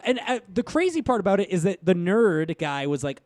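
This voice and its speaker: Animated young man reviewing a movie. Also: sits high, a little fast, dry recording. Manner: animated, swears freely, acts out scenes in mocking voices. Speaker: podcast co-host. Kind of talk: casual movie review chat.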